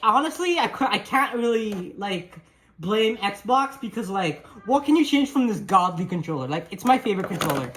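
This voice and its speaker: A woman vlogging an unboxing at home, talking into a handheld camera in an excited, rambling, slangy way and laughing at herself. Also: medium pitch, a little hiss or hum. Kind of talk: casual unboxing vlog. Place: at home by a desk. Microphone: handheld camera mic.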